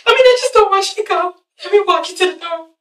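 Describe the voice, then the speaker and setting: A woman's voice: high voice, very animated, a little fast, pushed and bright, heavily acted. A woman voicing a volatile, dramatic young woman in an overwrought retelling. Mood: pleading. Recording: roomy, mic at a distance.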